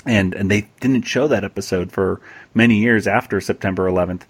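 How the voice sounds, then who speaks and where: A man co-hosting a podcast episode with a somewhat low, husky voice. He chats loosely and laughs easily, often stopping to restart his sentences. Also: brisk. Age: adult, past high school. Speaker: podcast host. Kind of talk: casual chat.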